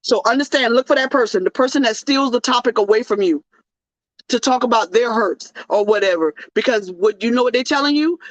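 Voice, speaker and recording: A woman hosts her own talk show in a joking, sermon-like rhythm. Her voice sits a little high. The recording is dry and slightly dull, like a lo-fi home setup. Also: fairly quick, dry recording. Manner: animated, joking, sermon-like cadence. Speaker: host. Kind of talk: casual preachy talk show monologue.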